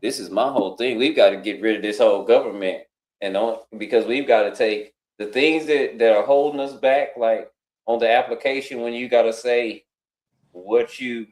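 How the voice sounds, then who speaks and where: A man's voice: mid-range voice, moderate pace, a little mellow. A man telling a long story in casual talk, acting out what other people said in changed voices. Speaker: guest on a live talk stream. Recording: roomy echo.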